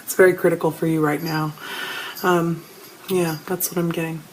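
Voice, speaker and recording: A woman's voice: deep voice, normal speed, a little hiss or hum, rough recording. A middle-aged woman hosting a spiritual live show, telling stories and chatting casually with viewers she names as she goes. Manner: animated storytelling, addresses viewers by name.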